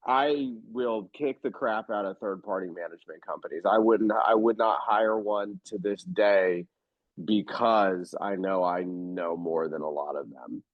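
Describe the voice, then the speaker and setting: A man's voice: low voice, a little slow, no echo. A man talking as an interview guest, telling stories bluntly and emphatically. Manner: animated storyteller, emphatic and blunt. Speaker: real estate investor guest. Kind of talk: casual interview talk. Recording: slightly dull, dry recording.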